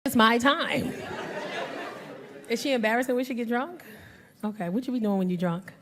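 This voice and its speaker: A woman doing stand-up comedy on a club stage, brash and animated, acting out voices and working the crowd. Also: fairly high pitch, normal speed, noisy background. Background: audience laughter.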